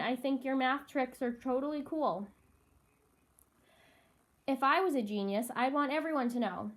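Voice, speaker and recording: A woman reading a novel brings out a talkative young girl with an earnest, pleading way of speaking. Her voice sits high and bright in pitch, quick to explain herself. She sounds like a best friend from a storybook.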